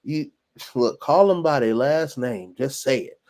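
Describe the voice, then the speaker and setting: A man's voice: medium pitch, unhurried, darkish tone. A Southern man with a Southern American accent, chatting as an easygoing guest who laughs often. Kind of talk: casual chat.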